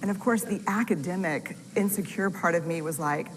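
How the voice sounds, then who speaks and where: A woman researcher speaks to an audience in a candid, self-deprecating storytelling manner. Her voice sits a little low. It carries long hall reverb with steady noise underneath. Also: a little fast. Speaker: researcher and storyteller giving a talk. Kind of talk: public talk to an audience.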